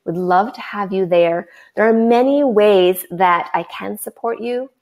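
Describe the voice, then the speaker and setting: A woman's voice: mid-range voice, unhurried, muffled recording. A woman hosting a live webinar as a coach, talking in an effusive, bubbly way over a computer mic. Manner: effusive, bubbly, breathless excitement.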